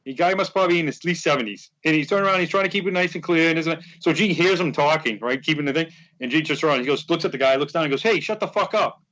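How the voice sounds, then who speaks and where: A man's voice: fairly high pitch, very fast, hardly any pauses, fairly bright tone, highs cut off. A man chatting as a podcast guest, rambling through a story and acting out the quotes. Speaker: guest, superfan. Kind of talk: casual podcast chat.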